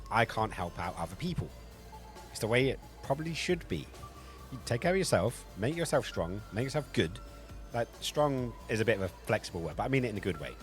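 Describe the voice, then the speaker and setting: A man with a South London Cockney accent, chatting casually on a live stream, rambling, swearing freely and reacting to chat messages. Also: mid-range voice.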